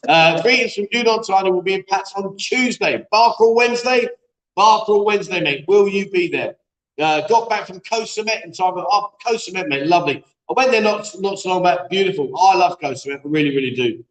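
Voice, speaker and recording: A man's voice: high voice, lively intonation, fairly quick. A man hosting a live-stream chat show, bantering and reading viewer comments aloud in a jokey, chatty way. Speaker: host. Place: echoey room being set up as a studio. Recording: echoey room.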